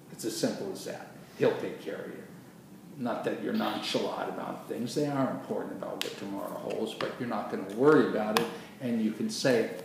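A man preaching a sermon with emphatic delivery, swinging from quiet passages to loud bursts. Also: medium pitch, gravelly. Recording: echoey hall from far off with noise.

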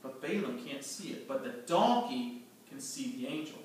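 A man's voice: mid-range voice, sing-song, normal speed. A man teaching a storytelling Bible lesson to a group, acting out scenes and quizzing his listeners. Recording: echoey room, distant mic, faint noise.

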